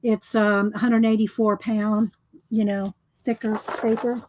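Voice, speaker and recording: A woman's voice: mid-range voice, level tone, measured pace, noisy background. A woman chatting casually and rambling while she flips through her artwork, a little out of breath. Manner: chatty, rambling, says y'all. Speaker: artist vlogger.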